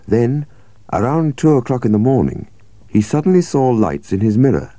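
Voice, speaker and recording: A man narrating a story with a measured, expressive reading. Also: mid-range voice, no room sound. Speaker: audiobook narrator.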